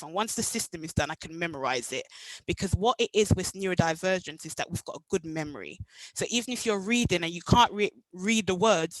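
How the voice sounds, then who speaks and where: A young adult woman from Jamaica with a Jamaican accent, telling her own story at a meetup in an animated way. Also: on the low side, no echo, rough recording. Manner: animated, acts out past dialogue. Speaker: meetup speaker. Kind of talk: personal storytelling talk.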